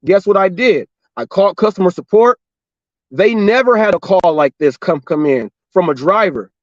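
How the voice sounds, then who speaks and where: Addressing his regular viewers casually, a middle-aged driver and show host from LA and Orange County, California, recounts a story in a fairly high voice at normal speed. He acts out both parties in the conversation, animated and repetitive, and the recording is dry and a little dull without room echo.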